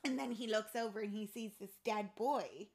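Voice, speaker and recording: A woman's voice: mid-range voice, moderate pace, crowd noise. A sounding woman chatting casually, animatedly retelling a film's story and acting out the characters' lines. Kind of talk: casual chat retelling a film plot.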